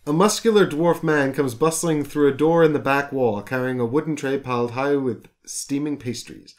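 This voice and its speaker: A man's voice: mid-range voice, moderate pace. A man narrating a tabletop storybook game, reading descriptive text aloud steadily, with small stumbles and restarts.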